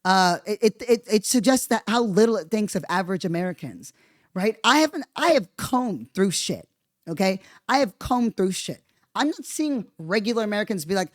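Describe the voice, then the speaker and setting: A woman hosting a podcast, giving heated political commentary, swearing a lot and sarcastic, at times jumping into high, mocking outbursts. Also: sing-song, normal speed, no room sound, clean studio sound. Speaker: podcast host.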